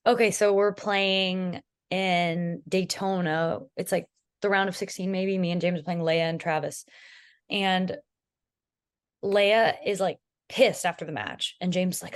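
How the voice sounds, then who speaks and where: A young woman with a slightly low voice chats as a podcast guest. She tells stories with energy and slips into playful impressions of the people she quotes. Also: moderate pace. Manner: animated storytelling, imitates others, laughs. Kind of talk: casual chat.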